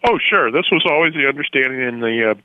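A man's voice: medium pitch, no echo. A man from Florida, a guest in a theological radio discussion, speaking emphatically and laughing readily. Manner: emphatic, animated, quick to laugh. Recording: tinny phone line, dry.

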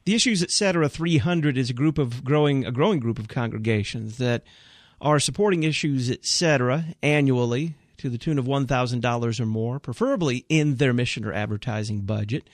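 A man in a mid-range voice running a radio talk show with brisk, friendly announcing. The sound is dry and close to the mic. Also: mid-range voice, no room sound.

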